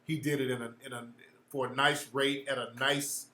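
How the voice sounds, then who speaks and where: A man's voice: medium pitch, flat delivery, normal speed, sharp tone. Blunt slangy man in an echoey room. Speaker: host answering viewers. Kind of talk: casual livestream chat.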